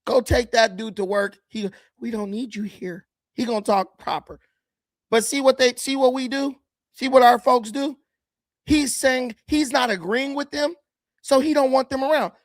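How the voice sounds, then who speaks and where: A man's voice: very high-pitched, moderate pace, dry recording. A man giving blunt, combative commentary while reacting to video clips, often mocking the people he watches. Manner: blunt, combative and mocking, with sudden swings in loudness.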